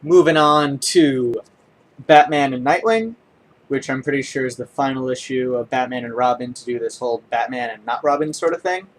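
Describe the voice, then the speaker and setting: A young man giving a casual spoken comic book review, enthusiastic but halting, with many ums, uhs and restarts. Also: medium pitch.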